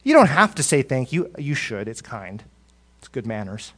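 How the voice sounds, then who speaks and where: A male pastor preaching a sermon, rising to loud emphatic peaks and dropping to soft, low asides, often repeating words as he goes. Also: sing-song, normal speed, breathy edge.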